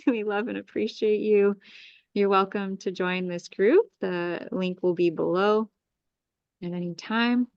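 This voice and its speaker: Woman healer, middle pitch, soothing guided meditation with commanding chants, dry close mic, muffled live stream sound. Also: slow pace, dry recording. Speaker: astrologer leading a group healing. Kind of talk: guided energy clearing meditation.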